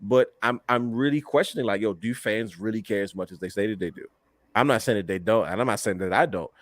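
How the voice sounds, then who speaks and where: A young man co-hosting a casual wrestling podcast, animated and emphatic, often repeating words as he drives a point home. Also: fairly low pitch, quick pace, dry recording. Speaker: podcast co-host.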